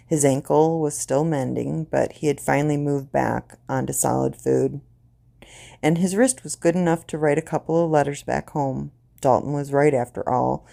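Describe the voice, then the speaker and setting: Brief: woman storyteller, deliberate grim reading, mellow dark tone with fry. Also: low voice. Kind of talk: reading a short story aloud.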